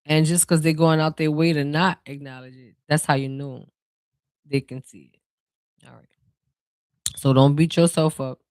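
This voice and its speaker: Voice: medium pitch, clear, resonant tone, dry recording. Reassuring tarot reader with a New Orleans accent. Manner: reassuring, speaks straight to the viewer; relaxed, drawn-out phrasing with many fillers. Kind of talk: casual spiritual card reading.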